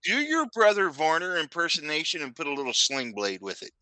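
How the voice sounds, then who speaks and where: A man's voice: fairly high pitch, very animated, a little fast, pushed and bright, dry recording, poor audio. A man co-hosting a podcast, chiming in with dry, sarcastic remarks in casual comedic chat. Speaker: podcast co-host.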